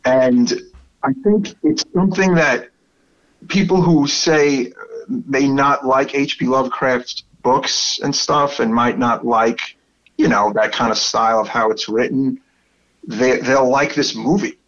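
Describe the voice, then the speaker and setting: A man's voice: medium pitch, unhurried, fairly bright tone, highs cut off. A man with a Brooklyn accent chatting enthusiastically about movies, swearing freely and rambling with restarts. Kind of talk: casual chat.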